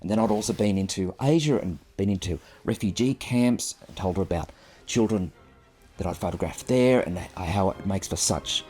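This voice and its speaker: A man's voice: sits low, moderate pace, dark tone, husky, soft background music. A man in his fifties, a photographer, tells a personal story in an earnest, reflective and self-deprecating way, speaking into a clip-on microphone.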